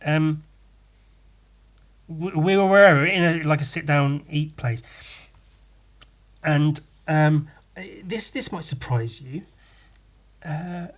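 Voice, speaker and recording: A man's voice: fairly high pitch, slow, long pauses. A man hosting a podcast on his own, rambling through a story in a sweary, self-deprecating way with lots of restarts. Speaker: podcast host. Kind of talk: casual solo podcast monologue.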